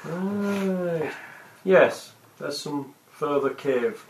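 A man's voice: a little high, animated. A man running a tabletop game, with dry, sweary banter. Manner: dry, sweary, reads descriptions slowly. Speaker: game master. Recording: echoey room, faint noise.

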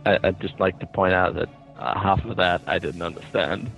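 Gravelly, joking tabletop player man. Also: low-pitched, a bit bright, faint music behind, rough recording. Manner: halting, joking. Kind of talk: casual tabletop play.

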